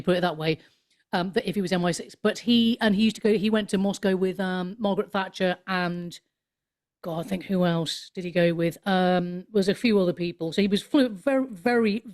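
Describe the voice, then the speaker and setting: A woman in her fifties, a comedian and author, chatting in an interview in a rambling, animated way with many restarts. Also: mid-range voice. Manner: animated storyteller, swoops up into mock voices. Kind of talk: casual interview chat.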